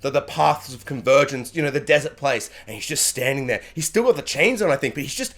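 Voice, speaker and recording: A man giving an animated, excited spoken review, often acting out characters' lines. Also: brisk. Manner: animated, acts out character lines with sudden high yelps. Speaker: anime reviewer.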